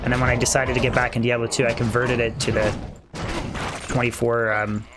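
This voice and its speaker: A man's voice: medium pitch, monotone, a little fast, music in the background. Man streaming games, chatting to viewers. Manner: keeps voice down, wife asleep; chatty, rambling, reads and answers chat. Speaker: game streamer. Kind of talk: casual livestream chat while playing.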